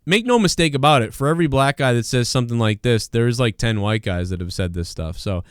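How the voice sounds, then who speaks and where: A man's voice: mid-range voice, animated, fast, clean tone, no room sound, studio quality. A man hosting a live stream show, chatting casually in a rambling, joking, slangy way.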